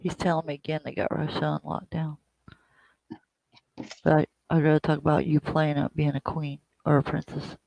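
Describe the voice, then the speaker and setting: A man's voice: fairly high pitch, monotone, normal speed, gravelly, a little mellow, dry recording, low-quality recording. A man chatting casually and teasing, joking along with the host. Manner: teasing, jokey. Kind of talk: casual chat.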